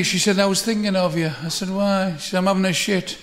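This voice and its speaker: A man's voice: sits high, steady tone, fast, fairly bright tone. A man telling a swearing stand-up story, acting out both sides of a phone call. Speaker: stand-up comedian. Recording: roomy echo.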